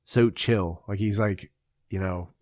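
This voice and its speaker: A relaxed man with a low voice, chatting about films as a podcast co-host. He sounds dry and close, with little room around him, and he often pauses to find his words. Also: no room sound. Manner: relaxed, agreeable, hesitant with fillers. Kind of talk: casual movie chat.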